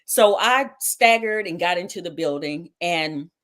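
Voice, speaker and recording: Lowish-voiced woman telling a dramatic story. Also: animated, measured pace, fairly bright tone. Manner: dramatic retelling with quoted dialogue. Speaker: talk show host. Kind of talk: personal testimony storytelling.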